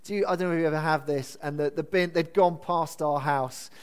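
A man's voice: fairly high pitch, steady tone, brisk, clear, resonant tone. A man preaching a sermon as pastor, earnest, asking his congregation questions and repeating key phrases for emphasis. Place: church building.

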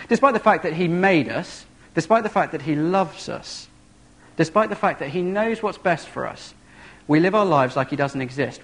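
Animated male preacher. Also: on the high side. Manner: animated, vivid storytelling. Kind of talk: sermon with dramatic storytelling.

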